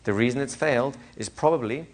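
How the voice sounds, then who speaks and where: A man lecturing a live class as a hypnosis trainer, animated, asking the room questions and acting out little scenes. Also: medium pitch, fairly quick.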